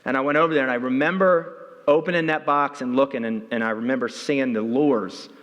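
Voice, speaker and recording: A man giving a conference talk, telling a story with energy, and his voice jumps high when he gets excited. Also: a little fast. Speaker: keynote speaker. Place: large hall. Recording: reverberant hall.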